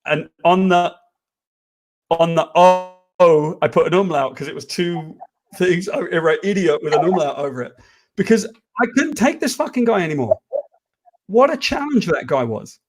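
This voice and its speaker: A man co-hosting a casual chat, telling a long story with lively, profane energy. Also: on the high side, moderate pace. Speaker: co-host.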